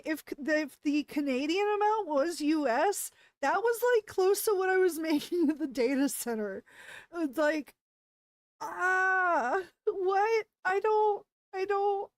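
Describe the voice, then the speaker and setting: A woman's voice: very high-pitched, darkish tone, no echo, studio quality. A woman VTuber streamer chatting casually with viewers during a live stream, flustered and rambling, stumbling over her words and giggling often.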